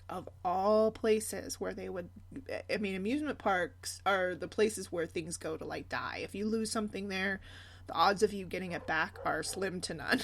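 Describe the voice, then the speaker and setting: Woman podcast host, 30s, candid storyteller who laughs easily. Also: medium pitch. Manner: candid, laughs often while telling stories.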